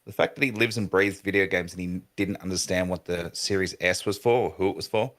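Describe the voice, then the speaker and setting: A very deep-voiced man talks on a casual gaming podcast in a steady monotone. His tone is bright and forceful despite the low pitch. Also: brisk. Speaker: podcast panelist.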